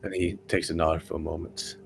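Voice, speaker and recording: A man narrating as game master in a tabletop game, describing scenes slowly with fillers. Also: low-pitched, flat delivery, vocal fry, faint music behind.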